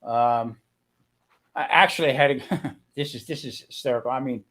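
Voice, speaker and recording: A man's voice: mid-range voice, moderate pace, a bit bright, a little hiss or hum. An older man chatting casually on a video call, a rambling storyteller who grumbles and complains. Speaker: guest. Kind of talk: casual chat.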